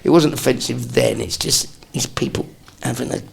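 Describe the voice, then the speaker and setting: A man in his sixties, a comedian guest telling lively anecdotes in an interview and dropping into quick impressions. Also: mid-range voice, creaky, slightly rough. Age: 60s. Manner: animated storyteller, slips into quick impressions.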